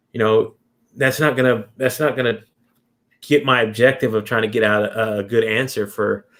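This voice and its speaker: A man's voice: lowish voice, a bit bright. A man hosting a casual interview, talking in long rambling turns full of fillers and restarts. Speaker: host.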